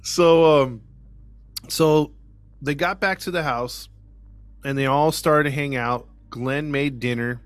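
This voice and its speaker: Man telling a true-crime story, animated. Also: on the high side, slow, pauses often, no echo. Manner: animated retelling, acts out quoted voices, laughs often. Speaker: podcast host. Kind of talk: casual storytelling chat.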